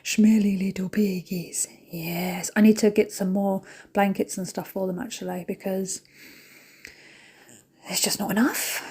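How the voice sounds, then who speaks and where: A woman's voice: mid-range voice, a little mellow. A British woman chatting casually to her viewers while she cleans. She rambles and talks straight to camera, and she is emotional and pokes fun at herself. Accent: British English. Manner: emotional, self-mocking. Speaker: cleaning vlogger.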